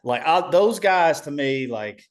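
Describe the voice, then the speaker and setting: A man, a musician guest in a casual interview, talking haltingly with many restarts. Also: on the high side, animated.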